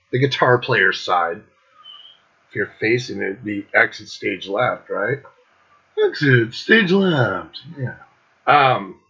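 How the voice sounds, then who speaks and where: A man's voice: medium pitch, pushed and bright, husky, muffled recording. A middle-aged man hosting his own show, telling a rambling concert story with lots of swearing and laughter. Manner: profane, laughing, loose and rambling. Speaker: host.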